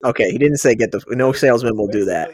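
A man's voice: medium pitch, fast, darkish tone, breathy edge, no room sound. A man co-hosting a podcast, matter-of-fact in casual chat, correcting details. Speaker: podcast co-host.

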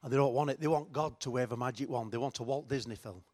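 A man's voice: mid-range voice, fast, darkish tone. A middle-aged man preaching a sermon in a chatty, joking, self-mocking way. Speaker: pastor.

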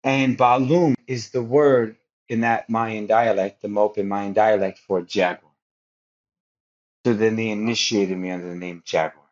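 A man's voice: on the low side, fairly even intonation, a little slow. A man speaking as a podcast guest, telling a personal story in an earnest, rambling way with frequent restarts. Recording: dull lo-fi sound.

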